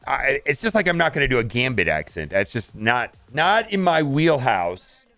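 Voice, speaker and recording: A man's voice: medium pitch, big pitch swings, moderate pace, bright, forceful tone, no room sound, soft background music. Chatty man narrating his mobile gameplay. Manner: chatty, thinks aloud, frequent restarts. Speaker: mobile game player. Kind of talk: casual gameplay commentary.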